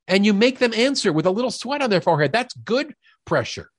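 Energetic middle-aged man, emphatic and dry. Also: high-pitched, a little fast, no echo. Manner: energetic, emphatic, acts out quoted dialogue. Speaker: sales leadership expert guest. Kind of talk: conversational podcast interview.

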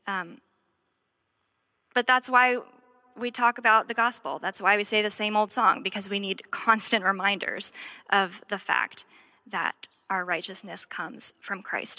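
Woman preaching in a bright ringing hall. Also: medium pitch. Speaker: church speaker. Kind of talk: sermon. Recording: reverberant hall.

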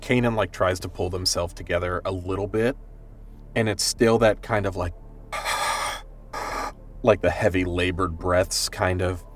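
Deep-voiced man rambling through a tabletop scene. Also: fairly even intonation, normal speed, recorded from a distance. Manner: rambling, filler-heavy describing. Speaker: player. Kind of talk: tabletop role-play narration.

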